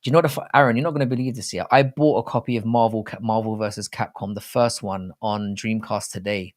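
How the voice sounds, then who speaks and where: A man's voice: fairly low pitch, steady tone, fast talker. A young man hosting a live chat stream, talking loosely to viewers, swearing and calling them mate and bro. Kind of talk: casual live chat reading viewer comments.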